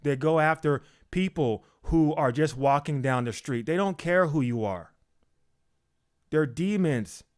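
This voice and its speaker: A man preaching in a slow, deliberate way, leaning hard on repeated words. His voice sits a little high for a man, and he mimics people's excuses in a lifted tone. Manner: emphatic, repeats lines, acts out quoted excuses in a higher voice. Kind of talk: informal sermon.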